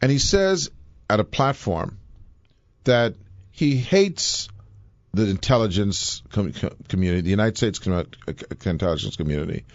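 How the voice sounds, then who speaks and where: A man hosting a casual talk show, rambling and animated, often acting out quotes in mocking voices. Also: lowish voice, moderate pace, highs cut off. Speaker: show host. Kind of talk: casual political chat.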